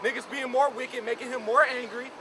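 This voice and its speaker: Extremely high-pitched and fairly even in intonation, this man talks a little fast while street-preaching amid crowd noise. His commentary on scripture is forceful and repetitive, peppered with "man" and "you know."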